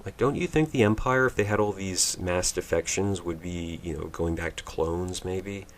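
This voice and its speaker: Deep-voiced sarcastic man reviewing a movie. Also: steady tone, moderate pace. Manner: mocking, mimics characters in silly voices; rambling, offhand.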